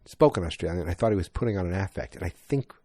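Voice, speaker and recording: A man hosts a podcast with a chatty, rambling movie review that often corrects itself. His low, warm voice moves fast with lively intonation. The studio sound is clean, with no echo.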